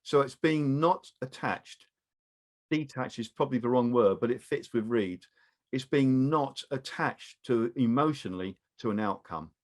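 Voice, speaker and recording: Calm British man giving a webinar. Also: medium pitch. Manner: calm, advising, measured. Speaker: webinar presenter. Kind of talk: training webinar talk. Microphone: video call.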